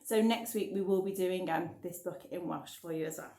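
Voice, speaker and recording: A woman's voice: on the low side, normal speed, mellow, reverberant. A woman librarian leading a baby rhyme and picture-book session, cheerful and encouraging as she talks to the little ones. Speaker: children's librarian.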